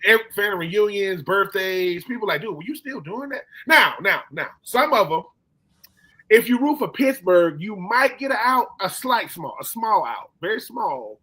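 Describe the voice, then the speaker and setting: A man hosting a casual sports chat, telling animated stories and acting out quotes in slangy talk. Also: high-pitched, moderate pace. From Philadelphia. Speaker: podcast host.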